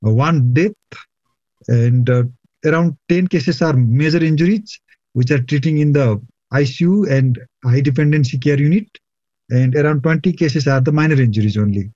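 Hospital chief from Nepal, halting phone interview, muffled dry sound. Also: male voice, fairly high pitch, mellow, no echo. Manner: halting, many fillers. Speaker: hospital medical superintendent. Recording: dull lo-fi line, dry.

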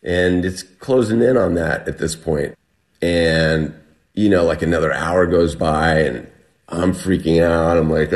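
Deep-voiced man telling a survival story. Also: measured pace. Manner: animated retelling, acts out shouted quotes. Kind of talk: conversational storytelling.

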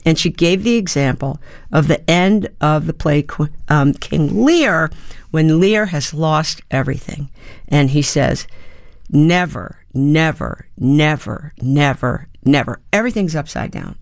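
A woman's voice: deep voice, expressive, a little slow, gravelly, dry recording, studio quality. A woman in her seventies, an actor and playwright, answering interview questions in a reflective, storytelling way with fillers and restarts. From United States. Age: 70s.

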